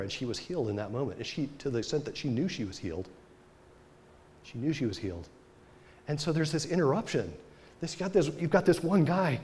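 A man pastor giving a sermon, reading scripture and retelling it with animated storytelling, dropping his voice soft for the dramatic moments. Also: medium pitch, slight background noise.

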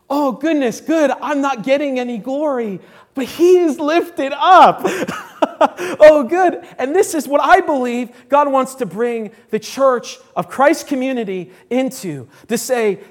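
In a church, a man with a very high-pitched voice preaches emphatically to a congregation. He repeats key phrases and swings between loud declarations and hushed asides.

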